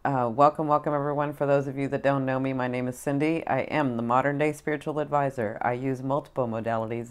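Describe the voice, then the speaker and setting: A woman's voice: very deep voice, smooth. A middle-aged woman tarot reader and spiritual advisor chatting casually to her viewers, effusive and repetitive, full of fillers. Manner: effusive, repeats herself, many fillers. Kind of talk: casual tarot chat to camera.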